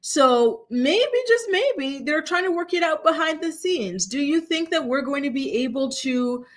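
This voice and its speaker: A woman's voice: sits high, expressive, a little slow. A woman hosting a casual gossip show, recapping reality TV in a blunt, sassy, chatty way and talking straight to her viewers. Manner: talks straight to live chat viewers. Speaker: celebrity gossip host.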